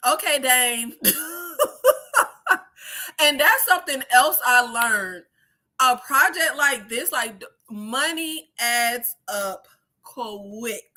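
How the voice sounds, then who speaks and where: A woman in her thirties chatting casually on a livestream in an animated way, swearing freely, laughing and using many fillers. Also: fairly high pitch, very slow, pauses often. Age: 30s. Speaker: YouTube creator.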